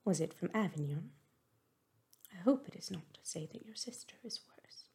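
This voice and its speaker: A woman voicing a prying, gossipy older hostess in a soft whispered role-play reading. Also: mid-range voice, expressive, normal speed, slight background noise, lightly acted. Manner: whispered, coaxing and nosy.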